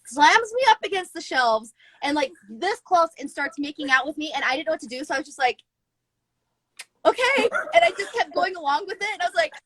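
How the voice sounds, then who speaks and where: An American woman from Utah, chatting casually and telling a dating story, animated and laughing often. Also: sits high, fast talker, few pauses, no echo, rough recording. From Utah, USA. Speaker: podcast guest. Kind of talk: casual chat.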